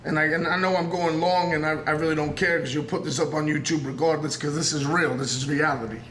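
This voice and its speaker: New York wrestler in his 30s, earnest, rambling promo, fairly high voice, roomy sound. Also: fairly even intonation, quick pace, a bit bright, slight background noise. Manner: earnest and intense, rambling, circling back on himself. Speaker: professional wrestler. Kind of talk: raw unscripted wrestling promo interview. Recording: roomy echo.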